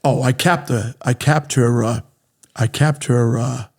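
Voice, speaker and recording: A man with a New England accent, telling a long business story on a podcast and acting out everyone's lines as he goes. His voice is gravelly, with a husky edge. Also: medium pitch, unhurried. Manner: animated anecdotes, acting out other people's lines. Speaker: real estate developer.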